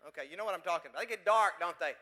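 A man's voice: high-pitched, very fast, bright, forceful tone, big-room sound. A pastor from West Texas, preaching a sermon full of emphatic rhetorical questions to his congregation.

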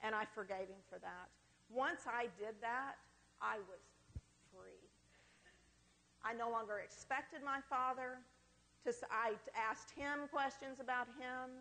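A middle-aged woman speaking to a church gathering, telling her own story in a frank, conversational way with wry, self-deprecating asides. Her voice sits a little high. The sound carries the long reverb of a large hall. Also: unhurried, bright, forceful tone. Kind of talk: personal testimony talk.

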